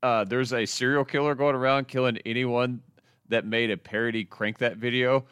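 A man hosting a podcast, excitedly recapping TV episodes in a rambling, swear-filled casual chat. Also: mid-range voice, moderate pace, smooth, no echo. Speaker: podcast host.

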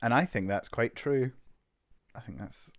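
A man's voice: mid-range voice, a little slow, no echo, studio quality. A man co-hosting a casual podcast chat. He often hesitates and restarts his sentences. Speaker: podcast co-host.

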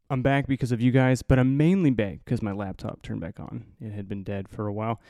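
Nasal midwest guy rambling on his podcast, swears a lot, lowish mellow voice. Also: level tone, fast talker, hardly any pauses, clean tone, no room sound, studio quality. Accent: Midwestern American. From American Midwest. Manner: rambling, profane, self-mocking. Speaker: podcast host. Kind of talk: casual solo podcast monologue.

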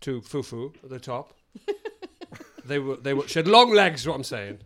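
A Welsh man co-hosting a comedy podcast, telling stories in casual chat and jumping into loud, high voices when he acts out other people. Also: moderate pace. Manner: animated storyteller, loud high bursts acting out people.

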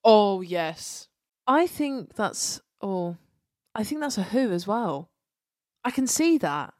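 Woman host, expressive, excitable, dry close-miked sound, podcast chat. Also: mid-range voice, takes it slowly, no echo. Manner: excitable, expressive, swears freely.

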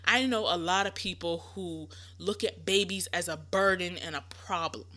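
Bright-voiced young mother talking casually. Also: fairly low pitch, normal speed. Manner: conversational, reassuring, lots of fillers. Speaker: podcast host. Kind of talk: casual advice monologue.

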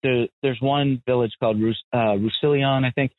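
Casting: American man, casual podcast talk, blunt animated storyteller, dry thin phone-like sound. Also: mid-range voice, moderate pace, no echo. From United States. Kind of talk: casual chat. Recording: tinny phone-like audio, dry.

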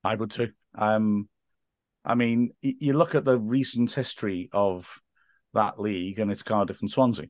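On a podcast, a guest who works as a stadium announcer and teacher chats casually and tells stories, laughing often and quoting voices. His voice is lowish and his pace moderate, in a dry, studio-quality recording.

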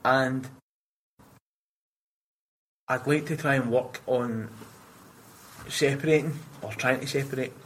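A man's voice: medium pitch, slow pace, long pauses, a little hiss or hum, low-quality recording. A young Scottish man, a prison officer, chatting casually in an interview and telling stories with plenty of swearing. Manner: swears freely, animated storytelling.

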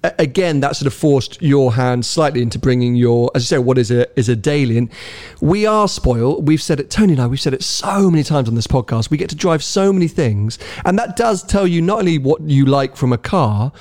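A man's voice: mid-range voice, lively intonation, brisk, hardly any pauses, darkish tone. A man co-hosting a podcast, talking casually and rambling a little, with frequent restarts. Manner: chatty, rambling, stammers on restarts. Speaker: podcast co-host. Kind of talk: casual car podcast chat.

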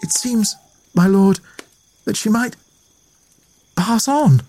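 A man's voice: a little high, normal speed, a little mellow, a little hiss or hum, pitched above the performer's own voice, lightly acted. A man voicing a frightened young female maid, speaking in a quivering, pleading way as he reads a ghost story. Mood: fearful.

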